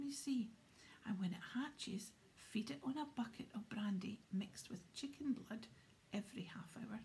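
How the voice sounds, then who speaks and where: Hagrid, a woman whispering as a gruff giant. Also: fairly high pitch, warm tone, a little hiss or hum. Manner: whispered role-play, gruff and blustery. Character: big gruff male gamekeeper, proud and secretive.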